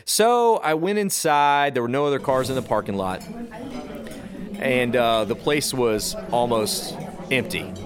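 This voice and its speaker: On a podcast, a co-host from the Austin area of Texas tells a spooky true tale in a meandering, chatty way, full of fillers, restarts, and drawn-out phrasing. His mid-range voice is expressive, and crowd noise can be heard.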